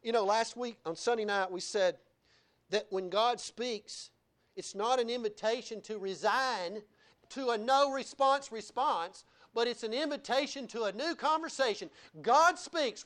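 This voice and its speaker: A male pastor preaching a sermon, animated, with laughing asides and wide swings in pitch and loudness.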